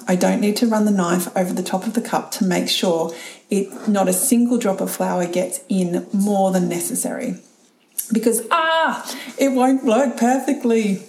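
Mellow woman musing aloud. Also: mid-range voice, reverberant, poor audio. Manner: candid, chatty, laughs often and swears casually. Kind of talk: reflective solo talk.

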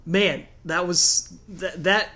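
A man in his thirties, chatting casually as a podcast co-host, telling stories in a relaxed way and laughing often. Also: sits high, slow pace. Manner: relaxed storyteller, laughs a lot. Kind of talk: casual chat.

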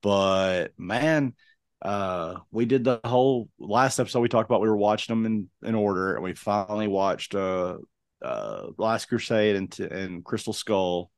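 A man's voice: fairly low pitch, animated, a little slow, no echo, studio quality. A man in his forties co-hosting a podcast in casual chat, rambling with many fillers and restarts. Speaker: podcast co-host.

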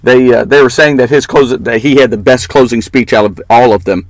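A man's voice: medium pitch, brisk, dry recording, poor audio. Opinionated man talking politics, dry sound. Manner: opinionated, mocking, laughs often. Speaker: political talk show co-host. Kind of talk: casual political commentary.

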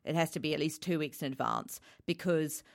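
A woman's voice: low-pitched, a little fast, vocal fry, no room sound, studio quality. A woman who produces voice reels, talking through her advice in a casual interview, chatty and full of restarts. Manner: chatty, with many restarts and fillers. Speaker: voice reel producer.

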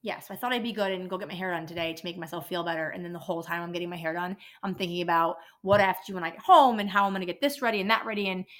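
A woman's voice: on the low side, rapid-fire, hardly any pauses. A woman working in a dental office, venting about patients in a casual, profane rant on her own podcast. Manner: exasperated, profane ranting.

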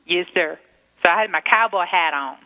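A woman with a New England accent co-hosting a radio show, giggly and excitable. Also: lowish voice, moderate pace. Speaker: radio co-host. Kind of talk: casual radio chat. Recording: tinny phone-like radio audio.

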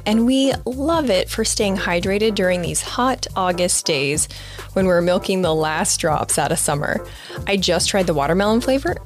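A woman hosting a podcast, asking questions and reading sponsor ads in an upbeat, friendly way. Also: medium pitch. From United States. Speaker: podcast host. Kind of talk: casual interview and ad reads.

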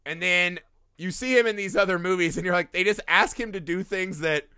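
Male podcast co-host, bright and punchy, casual movie-riffing chat, dry close sound. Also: high voice, a little fast, smooth, no room sound. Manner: animated, swearing, mocking impressions.

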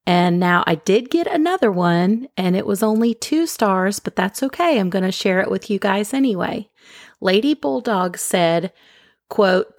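A woman hosting a podcast, talking to her listeners in a calm, gentle, unhurried way into a microphone. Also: medium pitch, no echo, studio quality. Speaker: podcast host. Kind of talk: casual chat to listeners.

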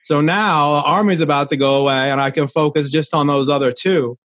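A man's voice: a little high, a little fast, a bit bright, no echo. A young adult man, a podcast guest, talking earnestly in a casual interview, rambling with many restarts.

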